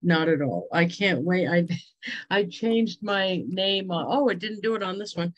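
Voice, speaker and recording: A woman's voice: lowish voice, a little slow, lo-fi sound. A woman hosting a casual video-call chat, bubbly, exclaiming and laughing often. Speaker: host.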